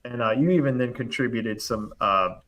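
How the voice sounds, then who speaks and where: A man telling a long story in casual chat, animated and quick, full of fillers and acted-out quotes. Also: mid-range voice. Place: live online show, remote.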